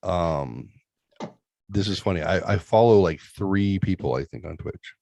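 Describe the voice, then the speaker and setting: A middle-aged man hosts a casual talk-show podcast, rambling along and cracking crude jokes about his kids and streaming. His voice is low, unhurried and slightly mellow, with some vocal fry, and the recording has no room sound.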